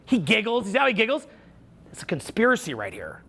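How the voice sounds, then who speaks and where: A man's voice: sits high, wildly swooping pitch, fast, gravelly, sharp tone. A man coaching a live seminar audience, playful and teasing as he banters with volunteers on stage. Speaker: social skills coach.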